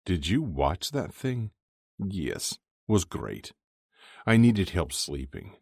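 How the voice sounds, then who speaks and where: A man voicing a blunt, teasing male hockey player, speaking low and quiet in an audiobook. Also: very animated, slow pace, creaky, slightly rough, no echo, clean studio sound, heavily acted. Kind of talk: audiobook character voice.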